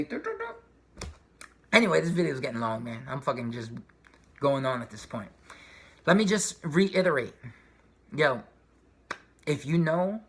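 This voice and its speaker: A man vlogging in a casual, rambling spiritual rant, slangy and profane, with shouted outbursts. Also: a little high. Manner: slangy street talk.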